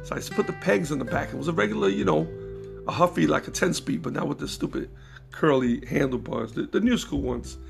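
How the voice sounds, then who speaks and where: A man's voice: fairly high pitch, animated, brisk, gravelly, soft background music. A middle-aged man, hosting a podcast and telling rambling personal stories full of fillers and laughs. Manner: rambling, warm-hearted, laughs between stories, many fillers. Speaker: podcast host. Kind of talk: casual storytelling monologue.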